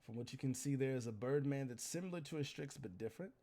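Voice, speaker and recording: A man's voice: mid-range voice, fast talker, dark tone. A man running a tabletop role-playing game as game master, narrating scenes in a loose, conversational way.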